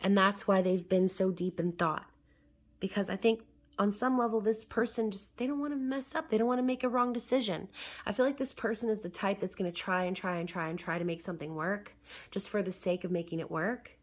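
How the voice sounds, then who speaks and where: A hoarse woman, still recovering her voice, chatting through a casual tarot reading with wry asides. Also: medium pitch, steady tone, fairly quick. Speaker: tarot reader.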